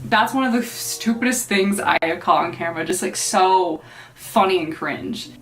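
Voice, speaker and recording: A young woman hosting a casual reaction video, talking in quick, animated and exasperated asides. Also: on the low side, noisy background. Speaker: host reacting to her own clips.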